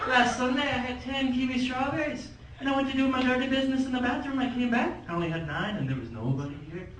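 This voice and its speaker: A male comic voicing a cranky, suspicious grandpa in his seventies, gruff and indignant. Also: very high-pitched, lively intonation, quick pace. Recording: echoey club, far from the camera, noisy.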